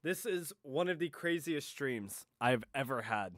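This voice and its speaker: A man's voice: medium pitch, lively intonation, a little slow, a bit bright, no room sound, studio quality. A tired man chatting and swearing casually while live streaming late at night. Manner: profane, exasperated, rambling.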